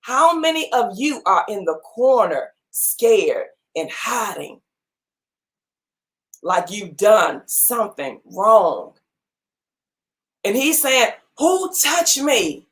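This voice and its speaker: Slow, emphatic woman preaching motivation. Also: medium pitch, big pitch swings, a bit bright. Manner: preacherly, repeats key phrases for emphasis. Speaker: motivational speaker and gym owner. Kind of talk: motivational talk to an online audience.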